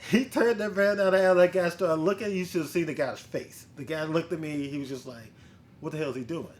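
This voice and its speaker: Male host with a fairly high voice, a casual, profane storyteller who quotes the people in his story. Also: brisk, a little hiss or hum. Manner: blunt, profane, animated retelling with quoted dialogue. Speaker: bounty hunter and podcast host.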